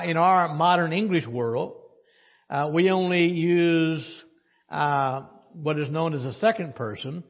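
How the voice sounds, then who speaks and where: A man with a high, husky voice preaches a teaching sermon. He puts questions to the congregation and answers them himself. The sound is dull and lo-fi. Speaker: pastor.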